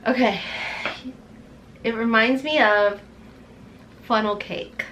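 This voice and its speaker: A chatty woman vlogger gushes her way through an unboxing. Her voice sits high and bright, and she sounds overtired. A faint hiss of noise runs under the recording. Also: slow pace, lo-fi sound. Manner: gushing, excitable, chatty. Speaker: beauty vlogger. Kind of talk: unboxing vlog.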